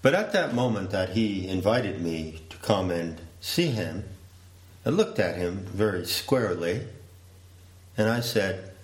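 A man giving a slow, deliberate, reflective storytelling talk. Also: deep voice, expressive. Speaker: speaker. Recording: roomy echo.

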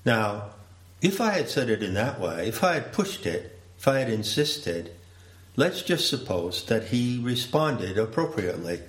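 A man giving a slow, deliberate, reflective storytelling talk. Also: mid-range voice, sing-song. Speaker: speaker. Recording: roomy echo.

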